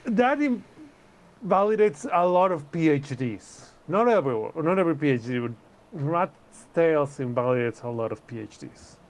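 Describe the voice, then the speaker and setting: Male co-host, dry joking asides, lively up-and-down pitch. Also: normal speed. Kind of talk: casual stream chat.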